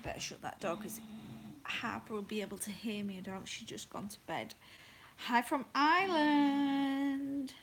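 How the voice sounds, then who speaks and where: Woman vlogger, bright forward voice, chatty phone livestream from home, light background hiss. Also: medium pitch, brisk. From England. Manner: chatty, apologetic, greets viewers by name. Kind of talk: casual livestream chat. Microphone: phone held close.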